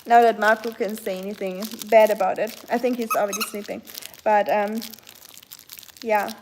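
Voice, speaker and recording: A woman with a German accent, a native German speaker, chatting casually on a livestream at home, answering her chat in a rambling way with many pauses and talking to her dog now and then. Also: medium pitch, fairly even intonation, background noise. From Germany, near the French border. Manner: chatty and rambling, often pausing on "um", breaking off to soothe her dog.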